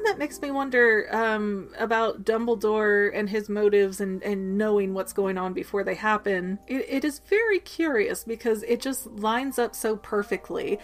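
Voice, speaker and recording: Chatty woman recapping a book. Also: mid-range voice. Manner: chatty, playful asides. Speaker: podcast host. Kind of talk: casual book recap chat.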